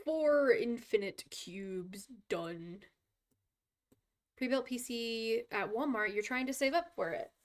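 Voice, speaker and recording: A woman's voice: a little high, expressive, slow pace. A young woman streaming live from her computer, chatting casually and rambling with frequent giggles as she draws. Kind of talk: casual live-stream chat while drawing.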